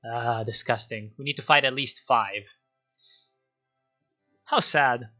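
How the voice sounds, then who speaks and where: Excitable, bright-voiced male game streamer. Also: mid-range voice, lo-fi sound, faint music behind. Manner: excitable, swearing, quick to laugh. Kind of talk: live-streamed strategy game commentary.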